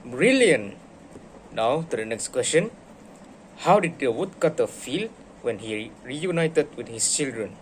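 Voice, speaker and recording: A man's voice: medium pitch, a little hiss or hum. A man acting as a teacher, asking questions, praising answers and reading a story aloud in an encouraging way. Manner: slow, encouraging, animated reading. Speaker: teacher in a classroom role-play.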